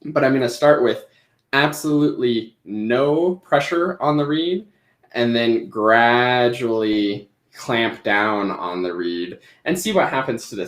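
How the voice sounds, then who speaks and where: A man's voice: medium pitch, reverberant. A man teaching clarinet in a live-streamed lesson, explaining each step as he demonstrates.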